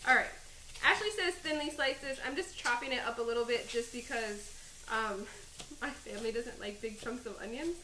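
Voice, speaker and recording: Woman, cooking stream host, rambling chat, high sharp voice, echoey home kitchen. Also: normal speed, a little hiss or hum. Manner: chatty and rambling, laughing at herself. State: teary from cutting onions.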